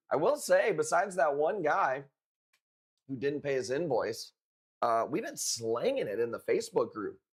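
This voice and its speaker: A man hosts a live coral sale. He talks in a laid-back, unhurried way, swears often and leans on street slang, with his voice sitting at an ordinary middle pitch. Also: husky. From Chicago. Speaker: live-stream coral seller. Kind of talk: casual live-stream chat.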